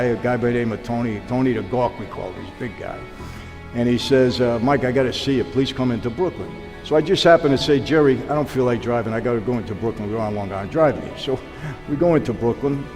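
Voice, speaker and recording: A man, a guest telling long stories and acting out the dialogue of the people in them. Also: medium pitch. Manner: animated storyteller acting out quoted dialogue. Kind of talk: storytelling interview. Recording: long hall reverb with background music.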